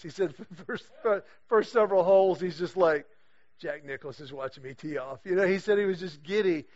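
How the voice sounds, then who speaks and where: A middle-aged man preaching to a men's group, his voice sitting high for a man. He tells stories with lively animation and acts out the people he quotes. The recording sounds dull and lo-fi. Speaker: guest speaker leading a men's series. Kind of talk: storytelling sermon talk.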